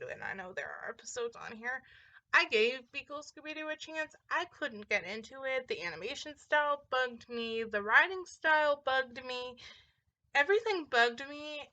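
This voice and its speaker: A woman's voice: high-pitched, pushed and bright. A young woman chatting casually in a vlog, rambling with lots of fillers and little laughs as she talks. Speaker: vlogger showing a movie collection. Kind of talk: casual chat.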